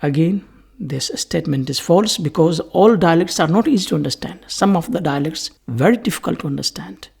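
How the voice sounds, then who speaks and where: Male lecturer, gravelly husky voice, patient and repetitive, teaching a recorded lesson. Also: on the high side, animated, darkish tone. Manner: slow, repetitive explaining, restating each point several ways. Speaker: linguistics lecturer.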